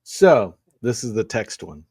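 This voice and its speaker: A man's voice: on the low side, very animated, a little slow, darkish tone, breathy edge, no echo, clean studio sound. A man co-hosting a podcast, telling stories in an easygoing, casual way. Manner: laughing often, storytelling, easygoing. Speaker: podcast co-host. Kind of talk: casual chat.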